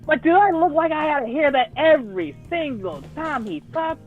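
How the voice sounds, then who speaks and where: A man with a high, lively voice that swoops up and down as he rants. He sounds exasperated and curses freely in casual chat, with soft music faint in the background. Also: moderate pace, phone-quality sound. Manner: animated, exasperated ranting with cursing. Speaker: podcast co-host.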